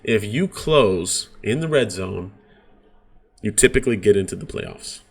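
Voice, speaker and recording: A man's voice: on the low side, animated, unhurried, gravelly, slightly rough. A man coaching real estate agents in a casual, conversational sales training talk. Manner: casual, conversational, uses sports examples.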